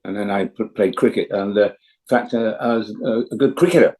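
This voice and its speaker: This is a rough recording of a seventies-aged actor from Yorkshire, England, swapping stories as a guest in a relaxed interview. He speaks a little fast in a lowish, dark-toned voice, with a chatty, anecdotal manner.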